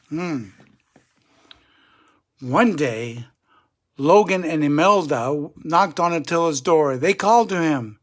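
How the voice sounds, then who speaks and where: An older man, a grandfather, gently and chattily reading a children's picture book aloud to kids. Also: a little high, animated, takes it slowly, pauses often. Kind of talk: children's story read-aloud.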